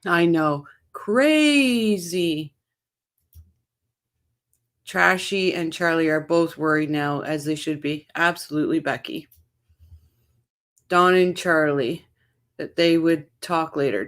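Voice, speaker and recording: A woman hosting a true-crime show, casually commenting on trial footage with blunt, sarcastic asides. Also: sits low. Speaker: true-crime channel host.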